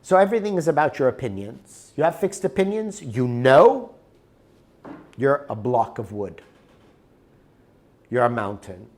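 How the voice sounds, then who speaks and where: A man giving a live workshop talk in a room. He speaks casually and keeps checking in with the audience. His pitch sits in a middle range and moves a lot. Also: very animated, a little slow, long pauses. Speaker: workshop presenter.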